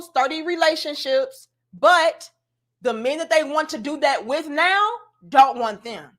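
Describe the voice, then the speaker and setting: A blunt, sassy woman rants to her viewers in a high, bright voice. She lectures in slang with plenty of attitude, and her tone stays sharp and forceful throughout. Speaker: commentary vlogger. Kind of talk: opinionated commentary rant.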